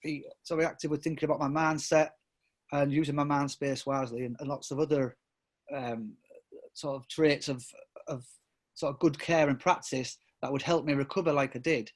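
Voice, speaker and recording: A middle-aged man from England, guesting on a podcast, tells stories casually in a fairly high, level-toned voice at a moderate pace. He rambles, breaks off into restarts and fillers, and often laughs.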